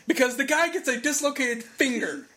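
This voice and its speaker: A man co-hosting a casual podcast chat, excitable and prone to indignant rants. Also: very high voice, normal speed. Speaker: podcast co-host. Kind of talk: casual chat about wrestling.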